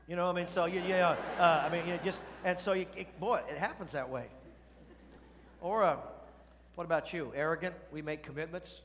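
Middle-aged pastor preaching in a reverberant hall. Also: male voice, on the high side, fairly quick, fairly bright tone. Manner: conversational preaching with rhetorical questions. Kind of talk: sermon.

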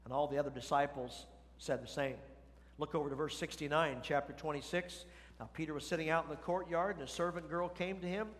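A middle-aged male pastor delivers a sermon in a conversational way, often turning to the congregation with questions. His voice sits a little high. It rings with the long reverb of a large church hall. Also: steady tone, brisk, a bit bright. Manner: conversational preaching with rhetorical questions.

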